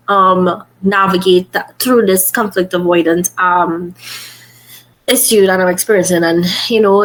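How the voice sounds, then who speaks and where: A woman's voice: medium pitch, low-quality recording. A young woman hosting a podcast, talking casually and earnestly, thinking aloud with frequent restarts. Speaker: podcast host. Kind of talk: casual reflective podcast talk.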